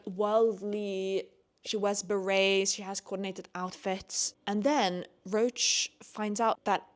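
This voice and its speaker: A young woman doing a casual book review vlog, chatty and full of "like", swearing freely and rising into animated rants. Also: mid-range voice. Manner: chatty, heavy use of "like", swears when annoyed; animated, rising into ranting bursts. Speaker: book vlogger.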